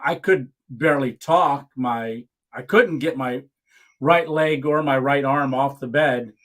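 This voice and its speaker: A man's voice: mid-range voice, measured pace, a bit bright. A man hosting a casual live stream chat, speaking in an earnest, emotional way.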